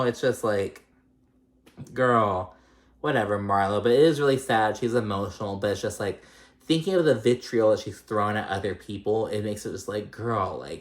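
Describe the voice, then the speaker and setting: A vlogger giving a casual, chatty recap of a reality show episode, swearing freely and using lots of "um" and "like". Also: mid-range voice. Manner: chatty, swearing, many fillers.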